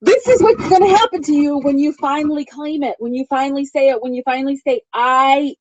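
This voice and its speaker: A woman's voice: high-pitched, fast, warm tone, no echo, highs cut off. A woman in her thirties giving an emphatic, freely swearing motivational talk as a spiritual coach, laughing often.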